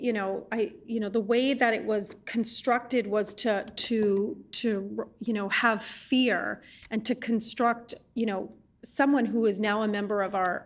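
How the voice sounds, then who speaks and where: Woman questioning a witness in a committee room, stops and restarts a lot, fairly high voice. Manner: impassioned, halting with many repeated words.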